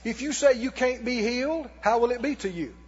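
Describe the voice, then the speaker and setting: A man preaching a sermon, emphatic and booming as he questions the congregation. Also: brisk. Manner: emphatic, rising and booming, asking the crowd questions. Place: church hall. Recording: echoey hall, dull lo-fi sound.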